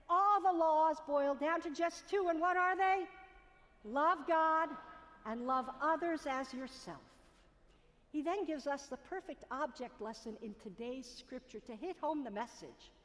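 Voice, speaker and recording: A woman preacher delivering a sermon in a rhythmic, repetitive cadence. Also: high-pitched. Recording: long reverb of a large hall.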